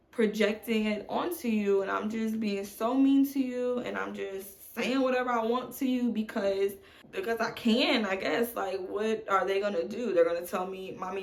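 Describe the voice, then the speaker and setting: A woman in her thirties, a mom vlogger, talking candidly and emotionally to camera from home, calling her viewers y'all. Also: medium pitch. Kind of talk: candid confessional chat to camera. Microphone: phone on tripod. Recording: echoey room.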